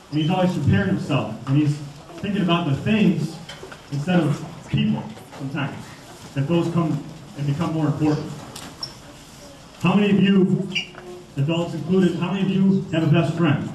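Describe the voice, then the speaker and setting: A young man from Michigan giving an animated storytelling talk to schoolchildren in a school hall. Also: a little high, normal speed, long pauses, a little hiss or hum. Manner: animated, acts out voices. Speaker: motivational speaker. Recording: echoey hall from far off.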